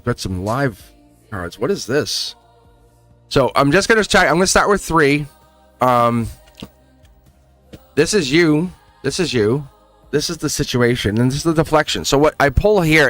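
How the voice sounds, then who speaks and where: A man's voice: mid-range voice, a little slow, dry recording, faint music behind. A man reading tarot on a live stream, chatting casually and addressing viewers directly with frequent laughs. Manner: animated, chatty, laughs often, talks straight to viewers.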